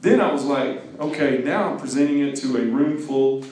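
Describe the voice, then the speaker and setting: A middle-aged man from Mississippi giving a lively, joking talk to teenagers, acting out movie scenes. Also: mid-range voice, normal speed. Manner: animated, jokey, acts out movie scenes and sings snatches. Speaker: speaker to a teen group. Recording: echoey hall from far off.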